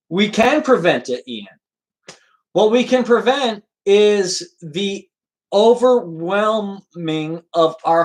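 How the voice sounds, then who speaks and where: A man's voice: high voice, low-quality recording. A man hosting a livestream in an earnest, lecturing way, reading viewer comments and answering them by name. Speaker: livestream host.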